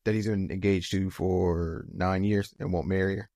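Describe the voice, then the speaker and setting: A man with a lowish voice co-hosts a podcast in loose, casual chat. He circles back on his words with plenty of fillers and builds to heated, emphatic bursts. The sound is dry, with little room. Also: fairly even intonation, moderate pace, mellow, no echo. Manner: heated, rising to emphatic outbursts; loose, repetitive phrasing with many fillers. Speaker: podcast co-host.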